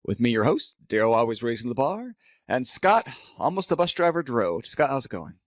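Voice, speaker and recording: Male podcast host, upbeat chatty delivery, dry close sound, middle pitch. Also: very animated, a little fast, dry recording. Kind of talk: casual podcast chat.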